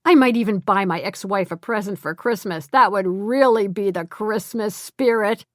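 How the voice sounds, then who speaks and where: A woman's voice: mid-range voice, moderate pace, dry recording, studio quality, lightly acted. A woman voicing a cheerful, bossy male ex-con who schemes and jokes. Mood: jovial. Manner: jovial, plotting and sometimes doubtful.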